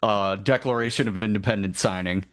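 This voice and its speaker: A man's voice: lowish voice, steady tone, fairly quick. Man rambling through a story. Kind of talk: casual podcast chat.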